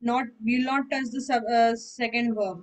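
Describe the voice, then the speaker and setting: A woman's voice: a little high, fairly even intonation, moderate pace, low-quality recording. A woman teaching French in an online lesson, explaining patiently and often checking that her student understands. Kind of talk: online one-on-one language lesson.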